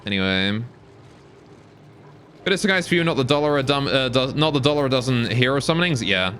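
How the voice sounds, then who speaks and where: Bright-voiced British-Canadian gaming streamer. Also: male voice, mid-range voice, animated, fairly quick, slight background noise. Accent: British, now mostly Canadian. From Britain. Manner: chatty and rambling, reads viewer questions aloud. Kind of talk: casual live-stream chat while playing.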